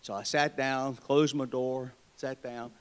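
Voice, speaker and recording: A man's voice: mid-range voice, steady tone, takes it slowly, clear, resonant tone. A man with a Southern US accent, a state treasurer giving a convention speech, telling wry, joking stories in a folksy way. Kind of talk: political speech with folksy storytelling. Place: convention hall.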